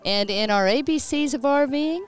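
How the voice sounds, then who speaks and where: A woman's voice: high voice, animated, moderate pace, soft background music. A woman from Texas, hosting a travel show in upbeat scripted narration, reeling off names with playful emphasis.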